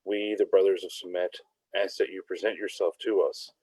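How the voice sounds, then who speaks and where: A man voicing a stern zealot leader with a rough voice, making a public proclamation. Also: low-pitched, little pitch movement, normal speed, darkish tone, no room sound, rough recording. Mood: commanding. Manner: commanding, proclamatory.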